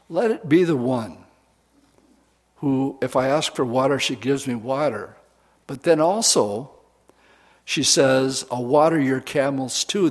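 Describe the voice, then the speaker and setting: Man preaching a folksy Bible sermon. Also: a little high. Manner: retells scripture in plain folksy words, animated.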